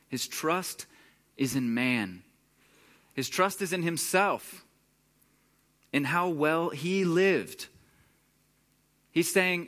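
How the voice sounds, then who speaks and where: A man's voice: medium pitch, a bit bright. A young man preaching a conversational sermon, sometimes acting out the voices of the people in the story. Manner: conversational, acts out characters' voices. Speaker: pastor.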